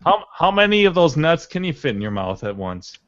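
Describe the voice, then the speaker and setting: A man's voice: fairly high pitch, sing-song, fairly quick, a bit bright, muffled recording. A man hosting a casual group chat show, joking and teasing with a profane edge.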